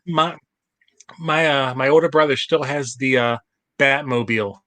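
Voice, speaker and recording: A man's voice: mid-range voice, measured pace, bright, forceful tone, no room sound. Hesitant man interviewer, dry sound. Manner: hesitant, with many fillers and laughs. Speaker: podcast interviewer. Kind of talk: casual interview chat.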